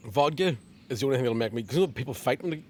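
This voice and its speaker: A man's voice: mid-range voice, expressive, racing, slight background noise. A man, a comedian guest telling jokey stories in a casual chat, swearing freely. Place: garden outdoors.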